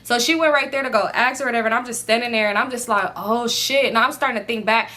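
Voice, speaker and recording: A young adult woman vlogger in casual storytime, talking in an animated, profane way and acting out what others said. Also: a little high, fast talker. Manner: animated, profane, acts out quoted lines.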